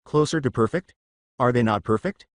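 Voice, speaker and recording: A man voicing an obsessive, high-strung teenage boy baker in a fan fiction reading, stressing each word. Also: moderate pace, no room sound, clean studio sound, lightly acted. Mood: tense. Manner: tense, emphatic.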